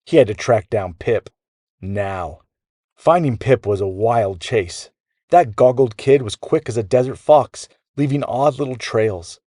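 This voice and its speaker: A man narrating a children's bedtime story in a lively, animated way. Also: mid-range voice, a little slow, no echo, clean studio sound.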